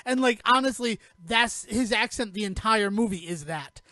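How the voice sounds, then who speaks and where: A man co-hosting a casual podcast, talking in an animated, rambling way and swearing freely as he recaps a film. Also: high voice, normal speed, dry recording. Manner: animated, rambling, swearing, jumps into quoted voices. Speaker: podcast co-host.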